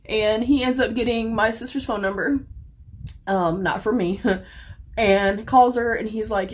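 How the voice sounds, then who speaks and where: A woman, telling a painful story while getting ready, upset and close to tears, cursing often and jumping from low murmurs to sudden loud outbursts. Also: measured pace. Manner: heavy swearing, swings from quiet to sudden loud outbursts. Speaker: beauty vlogger. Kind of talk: emotional get-ready-with-me storytelling.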